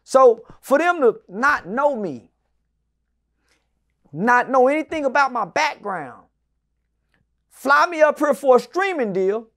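This is a high-pitched man in his forties, a guest in an interview who tells stories with loud, profane emphasis. He often breaks into shouts, then drops to low, muttered asides. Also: sing-song, takes it slowly, long pauses. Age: 40s. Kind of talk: animated storytelling in an interview.

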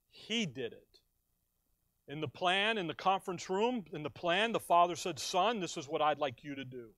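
An American pastor preaches a sermon, posing questions to the congregation, answering them himself, and acting out quoted voices with big swings in loudness. His voice runs on the high side, captured as clean studio sound with no room sound.

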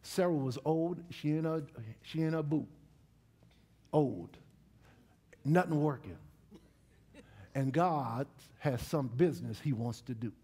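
A middle-aged man preaching a sermon in a church, with lively call-and-response to the congregation. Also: a little high, slow, long pauses, slightly rough. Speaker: pastor. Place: church sanctuary.

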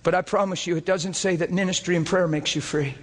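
A man preaching a sermon, fervent and earnest, often breaking into laughter as he gets excited. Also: high-pitched, quick pace, big-room sound.

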